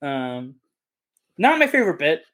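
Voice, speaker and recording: A man with a high speaking voice co-hosting a casual podcast about a film. He rambles enthusiastically and often restarts his sentences. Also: sing-song, unhurried, a bit bright. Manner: rambling, self-correcting, enthusiastic. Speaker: podcast co-host. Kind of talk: casual movie discussion.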